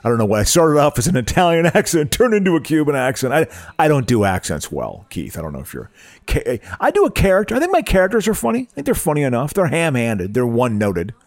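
A man's voice: fairly high pitch, huge pitch swings, quick pace, no echo. A man co-hosting a casual comedic chat, stammering and laughing often as he tells stories. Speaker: podcast co-host.

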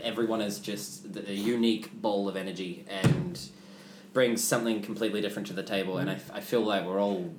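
A man's voice: on the low side, steady tone, brisk. A young Australian man, a voice actor, chatting casually with his castmates in a rambling, joking way. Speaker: voice actor in an audio drama cast. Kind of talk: casual podcast chat. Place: room shared with other cast members. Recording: roomy with faint background noise.

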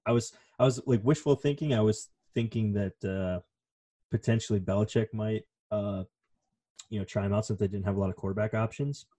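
A man's voice: lowish voice, steady tone, fairly quick, dark tone. A man co-hosting a podcast in casual chat, rambling and swearing with lots of fillers. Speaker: podcast co-host.

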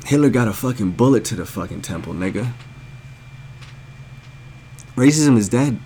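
A man's voice: mid-range voice, lively intonation, normal speed, dark tone, slight background noise. An American man telling a story as a blunt, heated, profanity-filled rant to his viewers. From United States. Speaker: storyteller ranting to camera.

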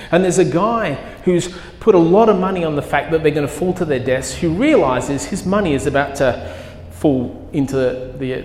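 A man's voice: medium pitch, darkish tone. A man preaching a sermon as pastor, telling a story with vivid, emphatic quoted lines. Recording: echoey hall with long reverb.

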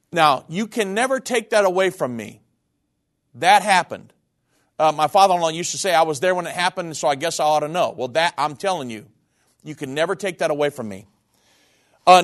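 A middle-aged minister tells his own story from the pulpit in an earnest, heartfelt way. His voice sits a little high for a man. The delivery is personal and emotional, like a sermon testimony.

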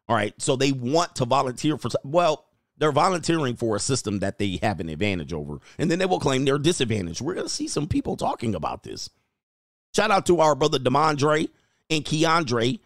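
A man hosting a casual livestream, reading viewer comments aloud, animated and laughing, with loose swearing. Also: mid-range voice, dry recording, clean studio sound. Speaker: livestream host reading chat.

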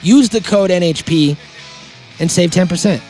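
A man hosting a podcast, rambling and joking through sponsor reads while high, laughing mid-sentence. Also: moderate pace, darkish tone, faint music behind. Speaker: podcast host. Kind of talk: casual podcast chat reading sponsor spots.

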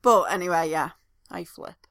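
A young woman chats loosely on a podcast, swearing freely and getting animated. Her voice is bright and clear-toned, and the recording is close and dry, with no room sound. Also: fairly low pitch, normal speed, no echo. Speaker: podcast co-host. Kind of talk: casual chat.

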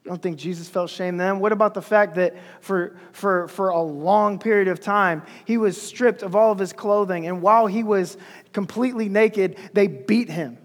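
A man's voice: high voice, moderate pace. A male pastor preaching a sermon with emphasis, repeating key phrases, recorded in an echoey hall.

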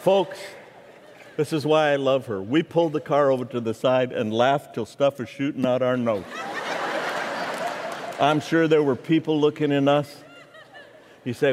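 A middle-aged man, a guest preacher, gives a humorous sermon, telling stories and joking with the audience in an animated way. His mid-range voice is unhurried with frequent pauses, carrying church hall reverb and slight background noise.

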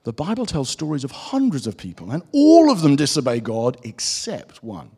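A man's voice: fairly high pitch, wildly swooping pitch, moderate pace, dark tone, breathy edge, exaggerated voice. A man voicing a wise and kind talking cat from a children's storybook, explaining patiently. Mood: gentle. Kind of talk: reading a children's storybook aloud. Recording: echoey hall.

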